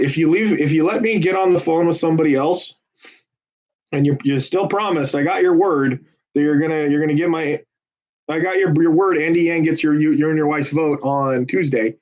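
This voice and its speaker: Chatty man with a slightly high voice. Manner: chatty, joking, persuasive salesman patter. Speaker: phone bank volunteer and livestreamer. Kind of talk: casual livestream chat while making calls. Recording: dull lo-fi audio.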